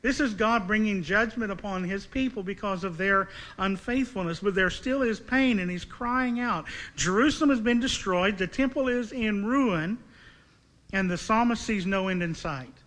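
Man, preacher, sermon, earnest, asks direct questions, high-pitched, bright tone. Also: moderate pace.

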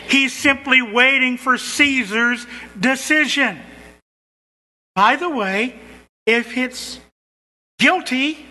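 A man's voice: extremely high pitch, bright, forceful tone, long reverb tail. A man preaching a sermon, emphatic and stressing points by repetition. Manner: emphatic, repeats phrases for stress.

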